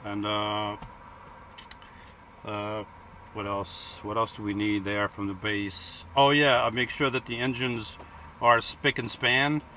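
A man's voice: lowish voice, flat delivery, slow, bright, forceful tone, slight background noise. A man playing a bossy Air Force captain who blusters and stalls with fillers as he gives orders. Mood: blustering.

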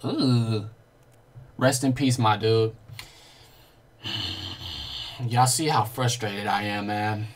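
A young man casually commentating his gameplay on a live stream, excitable and swearing as he talks to his viewers. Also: on the low side, drawn-out words, pauses often. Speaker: gaming streamer.

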